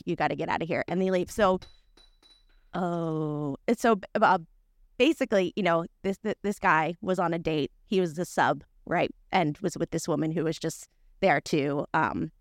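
A woman's voice: fairly low pitch, no echo, clean studio sound. A woman co-hosting a podcast, telling a story in casual chat with lots of fillers and restarts. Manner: chatty, many fillers and restarts. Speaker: podcast co-host.

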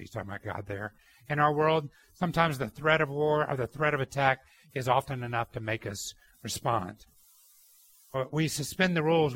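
A young adult man preaching a sermon, telling anecdotes with lively mimicry and shifting emphasis. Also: medium pitch, husky. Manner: animated storytelling, mimics people in anecdotes. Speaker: pastor.

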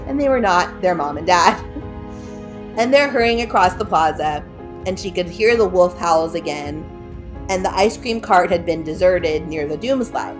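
A woman's voice: fairly low pitch, measured pace, music in the background. A woman retelling a spooky story in a loose, chatty way, peppered with "like" and "kinda".

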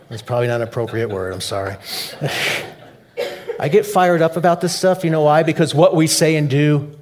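A man preaching a sermon, shifting between soft low asides and loud, emphatic peaks. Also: normal speed. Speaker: pastor.

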